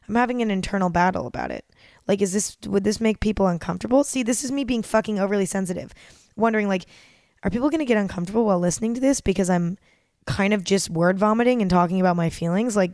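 A woman's voice: medium pitch, darkish tone, dry recording, studio quality. A young woman hosting a casual solo podcast, talking openly and rambling, swearing freely as she goes. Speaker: podcast host.

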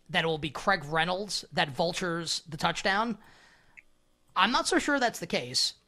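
A man hosting a sports betting podcast, talking fast and animated in casual chat, laughing often. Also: sits high.

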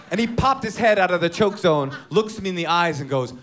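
A man from Oakland telling a story in stand-up, animated and self-mocking, acting out his own panicked lines. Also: fairly high pitch, fairly quick, hardly any pauses, noisy background. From Oakland, California. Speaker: stand-up comedian. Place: live comedy venue with an audience.

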